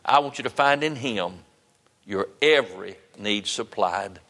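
A man's voice: fairly low pitch, animated, unhurried, bright, forceful tone, in a large hall. A man preaching a sermon and leading an altar call, earnest and pleading, repeating his phrases for emphasis. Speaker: pastor.

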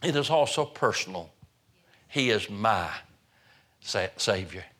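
A man's voice: fairly low pitch, expressive, slow pace, sharp tone. An older man preaching a sermon in a folksy way, often repeating words and restarting phrases.

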